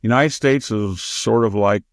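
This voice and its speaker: A low-voiced man hosting a political talk show, with a gravelly texture throughout. He holds forth emphatically, lecturing point by point. The sound is dry and close. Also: a little slow, dry recording. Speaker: host. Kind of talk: political commentary chat.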